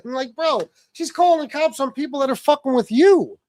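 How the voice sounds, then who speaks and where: A man's voice: very high voice, normal speed, a little mellow, dry recording. A man hosting a livestream, angrily ranting in a combative, profane way and repeating himself. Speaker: livestream host. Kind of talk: angry ranting livestream monologue.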